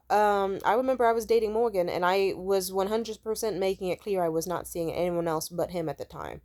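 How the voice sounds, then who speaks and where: A woman vlogger telling a casual storytime rant, emphatic and rambling, full of swearing. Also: medium pitch.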